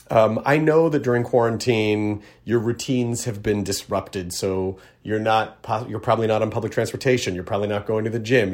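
A middle-aged man from Tennessee chats loosely as a podcast host. He rambles, restarts his sentences and pokes fun at himself, and his voice sits at an average pitch. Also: darkish tone. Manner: rambling, self-deprecating, with frequent restarts. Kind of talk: casual chat.

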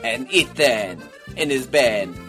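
A man's voice: medium pitch, animated, slow pace, pushed and bright, faint music behind. A man on a podcast putting on a hammy Frenchman with an exaggerated mock French accent, chuckling between lines. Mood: playful. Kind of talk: comic bit on a podcast.

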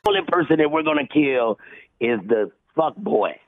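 A man calling in as a guest on a radio show, talking in excitable, repetitive casual chat. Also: fairly high pitch, normal speed, no room sound. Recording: tinny phone-line sound.

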